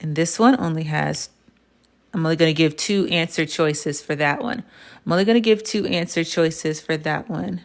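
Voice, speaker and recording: American woman, Spanish teacher, lower voice, casual and encouraging on a live class. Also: normal speed, gravelly. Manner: casual, encouraging, quizzing viewers in chat. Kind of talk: live online lesson.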